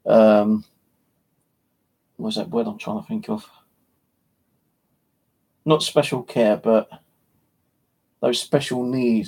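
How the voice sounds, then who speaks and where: At home, an English man rambles through a casual live stream, cracking crude jokes along the way. His medium-pitched voice is gravelly, a touch husky, and a little mellow, with a slight lisp from missing teeth.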